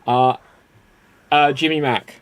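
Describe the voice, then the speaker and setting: A man's voice: mid-range voice, steady tone, takes it slowly, slight background noise. A man hosting improv comedy games, chatty and laughing often. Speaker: improv game host.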